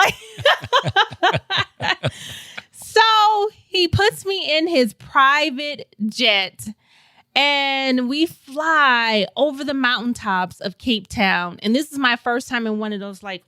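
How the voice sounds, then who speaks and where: Brief: woman from St. Louis, bright forceful voice, animated storyteller, dry close podcast mic. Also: a little high, dry recording. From St. Louis, Missouri. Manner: animated, laughs often, acts out quoted voices. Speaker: guest.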